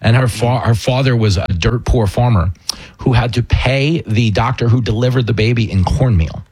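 A male radio host with a slightly husky voice, chatting in a loose, joking way. He talks over his guests and keeps the banter going. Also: mid-range voice, normal speed, darkish tone, no echo. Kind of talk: casual radio chat.

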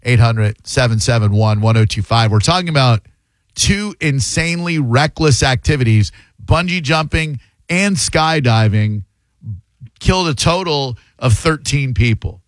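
A man's voice: medium pitch, expressive, unhurried, no room sound. A man hosting a call-in radio talk show, bantering in a loose, jokey, slangy way. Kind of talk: casual call-in radio chat.

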